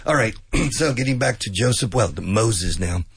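A man's voice: on the low side, expressive, moderate pace, a little hiss or hum. A man hosting a casual radio English lesson, joking and laughing a lot, dropping Spanish phrases, and losing his voice. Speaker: radio host teaching English.

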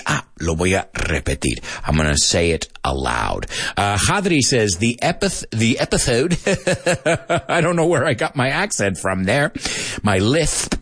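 Chatty guy teaching on his podcast, lowish voice, bouncy, dry studio mic sound. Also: dry recording. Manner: lively, chatty, switches into Spanish explanations. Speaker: English teacher and podcast host. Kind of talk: casual solo podcast lesson. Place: radio studio. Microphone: studio microphone.

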